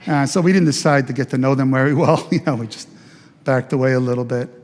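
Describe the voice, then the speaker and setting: A man, a pastor, telling his testimony as a sermon, animated and acting out the voices he quotes. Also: medium pitch, fast. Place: church sanctuary. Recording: long church hall reverb.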